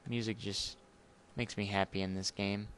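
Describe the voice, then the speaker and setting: A man's voice: on the low side, little pitch movement, moderate pace, a bit bright, a little hiss or hum. A young man talking casually and awkwardly over his gameplay, rambling and apologizing as he goes. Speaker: gamer. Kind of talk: casual let's play commentary.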